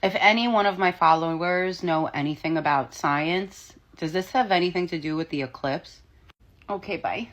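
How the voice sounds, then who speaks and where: A woman's voice: lowish voice, moderate pace, a bit bright. A woman giving casual commentary in a wry, chatty storytelling way. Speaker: social media commentator.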